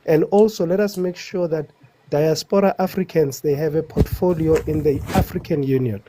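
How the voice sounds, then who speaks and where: A man's voice: on the high side, moderate pace, background noise. A man on a live online panel who asks the others a question and keeps explaining at length, insisting on finishing. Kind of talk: casual debate.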